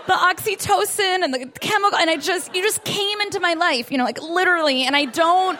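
A woman's voice: extremely high pitch, fairly quick, few pauses, crowd noise, noisy background. A young woman performing a chatty, self-deprecating stand-up set on a club stage. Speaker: stand-up comedian. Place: comedy club stage with audience. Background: audience laughter.

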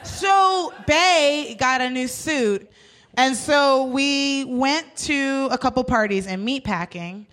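A young woman casually telling a story, animated and swearing as she acts out the people in it. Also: high voice, slow pace. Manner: animated, swearing, acts out voices in her stories.

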